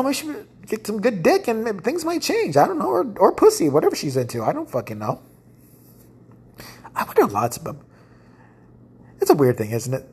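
A woman hosts a casual solo podcast, ranting bluntly and profanely and restarting often. Her voice is deep and somewhat dark in tone, with a breathy edge.

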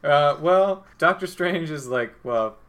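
Casting note: relaxed male game master, mid pitch, filler-heavy narration. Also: normal speed. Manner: casual, laughing, many fillers.

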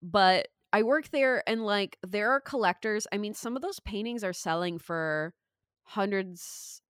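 A woman's voice: mid-range voice, measured pace, smooth, no echo, clean studio sound. A woman co-hosting a podcast in casual chat, telling stories chattily and laughing often. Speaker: podcast co-host.

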